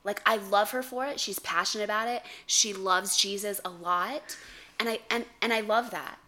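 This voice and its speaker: Bright-voiced chatty woman podcaster. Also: medium pitch, moderate pace. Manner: animated, chatty storyteller who laughs and swears freely. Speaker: podcast co-host. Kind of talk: casual podcast chat.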